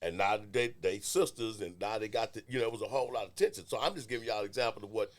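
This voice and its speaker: A man's voice: lowish voice, fast talker. A middle-aged man co-hosting a podcast, telling stories from his own life in a loose, profane, jokey way. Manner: animated, profane, jokey storyteller. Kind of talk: casual storytelling chat.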